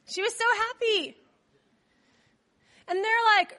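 A woman preaching a sermon in church, animated, telling the story with laughs and acted-out voices. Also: extremely high pitch, moderate pace.

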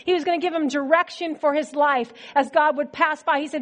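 A woman preacher giving a sermon in a conversational, animated storytelling manner. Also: high voice, a little fast.

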